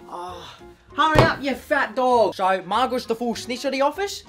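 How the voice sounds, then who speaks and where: A man's voice: extremely high pitch, lively intonation, a little fast, over music. A man playing a brash, crude young male eshay slacker at an office job, with a slangy Australian accent and a swaggering, mouthy delivery. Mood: cocky. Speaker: office worker. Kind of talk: comedy sketch acting.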